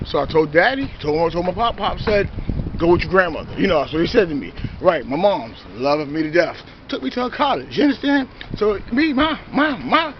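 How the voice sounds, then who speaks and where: His voice high-pitched against a noisy background, a New Yorker who styles himself a preacher delivers a combative sermon to viewers, full of "you know" and "see." The audio is dull and lo-fi.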